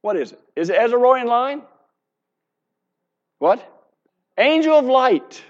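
A man's voice: extremely high pitch, expressive, moderate pace, pauses often, lo-fi sound. A man in his seventies preaching a sermon in an earnest, conversational way, asking the congregation questions.

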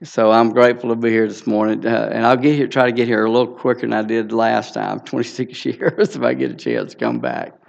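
Gravelly older Southern man. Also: mid-range voice, expressive, brisk, hardly any pauses, highs cut off. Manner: folksy storyteller, many fillers. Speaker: guest speaker. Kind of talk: church testimony.

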